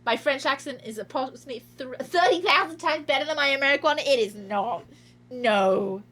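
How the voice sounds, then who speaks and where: A woman's voice: high voice, brisk, a bit bright. A woman streaming a game, chatting casually with a giggly, self-mocking manner. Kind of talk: casual gameplay commentary.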